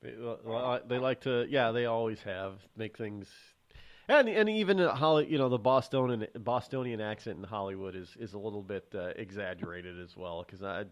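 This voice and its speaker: A man's voice: lowish voice, animated. A man hosting a talk show, chatting and then giving his own opinions on the news. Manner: halting restarts, then forceful opinions on the news. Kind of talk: casual talk radio commentary.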